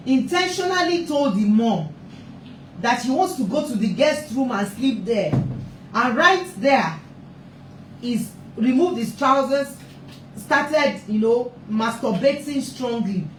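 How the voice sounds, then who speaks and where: A woman's voice: on the high side, animated, slow. A woman with a slightly raised voice gives an impassioned talk on parenting, hammering her points through repetition. She sits back from the mic in an echoey space, with a faint hum of ambience behind her. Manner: emphatic, repeats points for stress. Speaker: family therapist and parenting speaker. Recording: roomy echo, distant mic, faint ambience.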